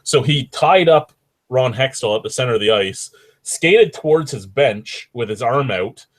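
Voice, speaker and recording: A man's voice: mid-range voice, expressive, unhurried, dry recording. A young man hosting a podcast, rambling and swearing freely in casual chat. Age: young adult. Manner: profane, rambling hockey banter. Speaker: podcast host.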